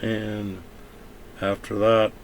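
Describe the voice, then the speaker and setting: A man's voice: lowish voice, flat delivery, extremely slow, a little hiss or hum. A man from the United States talking bluntly and offhandedly in a rambling, profane vlog monologue. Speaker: vlogger.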